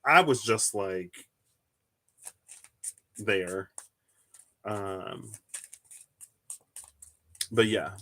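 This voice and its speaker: Rambling young man with a bright voice. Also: very slow, long pauses. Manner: rambling storyteller, animated, bursts into high-pitched squeals and laughter. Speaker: tarot reader and streamer. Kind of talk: casual live-stream chat while reading tarot.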